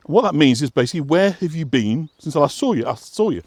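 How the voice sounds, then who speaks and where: Here a walking guide and vlog host from West Yorkshire, England, talks casually while walking an outdoor path, explaining as he goes and rambling with plenty of fillers and restarts. His slightly rough, fairly high voice is very animated, at a moderate pace with long pauses, and there's no room sound.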